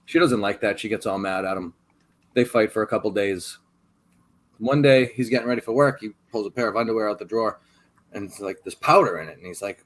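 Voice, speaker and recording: A man's voice: fairly low pitch, a little fast. A man co-hosting a casual podcast, rambling and self-deprecating while he tells jokes. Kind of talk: casual banter and joke telling.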